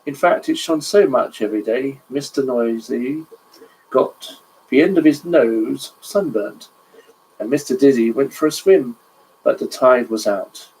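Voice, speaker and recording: A man's voice: medium pitch, unhurried, darkish tone, breathy edge, poor audio. A man reading a children's picture book aloud, stopping to chat about the pictures with a chuckle. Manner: chatty, chuckles, stops to admire pictures.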